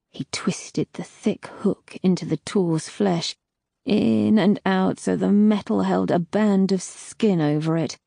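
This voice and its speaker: A woman reading a dark fantasy audiobook in a slow, measured narration. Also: medium pitch, creaky, no echo, clean studio sound.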